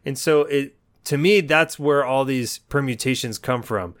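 A man's voice: mid-range voice, unhurried. A male podcast co-host in casual chat, recounting a story with growing animation. His voice sits in a middle register. The sound is dry and close, with no room echo. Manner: animated, acts out his own side of the story.

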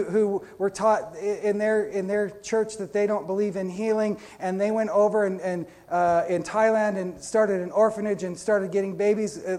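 A man preaching a Pentecostal sermon as pastor, energetic, with frequent restarts and repeated words. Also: sits high.

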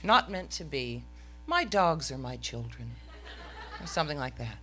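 A woman's voice: very deep voice, sing-song, unhurried, pushed and bright, slight background noise. A middle-aged woman telling a story on stage to a live audience, with a wry, self-mocking comic delivery.

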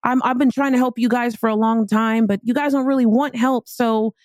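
A woman's voice: a little high, steady tone, brisk, a little mellow, no room sound, natural voice. A woman voicing an overly familiar man at an event who fumbles his words and pushes too close. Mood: awkward. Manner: fumbling, awkward, over-friendly.

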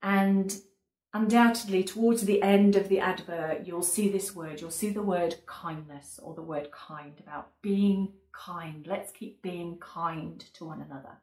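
A woman's voice: fairly low pitch, fairly even intonation, unhurried, darkish tone. A woman preaching a sermon in an earnest, emphatic way, often repeating key words. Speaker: pastor. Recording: echoey room.

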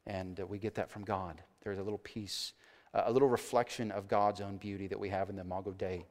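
A man preaching a sermon as pastor, earnest, rising to emphatic swells and dropping to quiet asides. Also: on the low side, level tone, fast talker. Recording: long church reverb.

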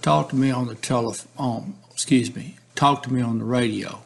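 A man's voice: mid-range voice, normal speed, gravelly, close to an everyday voice. A man reading the lines of a police negotiator from a case transcript, steadily and repetitively coaxing a man to talk. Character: male police negotiator, patient, persistent, pleading.

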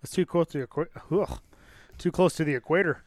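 A man's voice: on the high side, fast talker, no echo, studio quality. Laid-back teasing podcast host man. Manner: laid-back, teasing, drops swear words. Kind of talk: casual chat.

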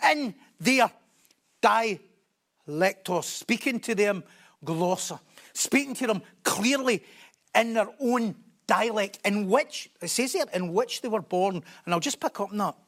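A man's voice: sits high, expressive, unhurried, fairly bright tone. A man preaching a sermon, emphatic and repeating key phrases for stress.

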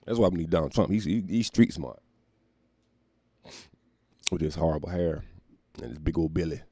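A man's voice: very deep voice, moderate pace, dark tone. A man delivering a casual comedic rant, profane and rambling, often laughing and slipping into mock voices. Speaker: comedic commentator.

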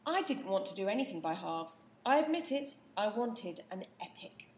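A woman playing a dramatic, ambitious actress in a comedic audio play, theatrical and sharp-tongued. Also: medium pitch, sing-song, normal speed, echoey room, a little hiss or hum, natural voice. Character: dramatic ambitious actress who wants an epic.

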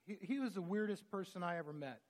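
A man's voice: high voice, lively intonation, quick pace. A man preaching a sermon, telling stories in an earnest, conversational way.

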